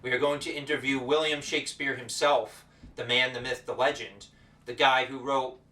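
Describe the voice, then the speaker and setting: A man teaching as the host of an educational show, talking in a playful, energetic showman style with repeated greetings. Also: medium pitch, normal speed. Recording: roomy echo, voice distant from the mic.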